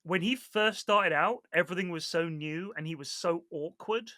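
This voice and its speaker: A man chatting casually on a podcast, telling stories with lively acted-out quotes and plenty of swearing. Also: high-pitched, normal speed, no room sound, studio quality. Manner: animated storyteller, acts out quoted people, swears freely. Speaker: Dota 2 caster, podcast guest.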